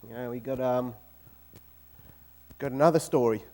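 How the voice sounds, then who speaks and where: A man with an Australian accent giving a guest talk in a university auditorium and telling jokes in a lively, storytelling way. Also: medium pitch, moderate pace. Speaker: guest speaker. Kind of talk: informal talk with joke-telling.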